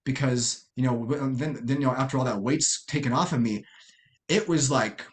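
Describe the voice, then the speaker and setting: Middle-aged American man, podcast guest, earnest and halting, mid-pitched voice. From United States. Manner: earnest, halting, many restarts and fillers. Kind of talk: personal storytelling interview.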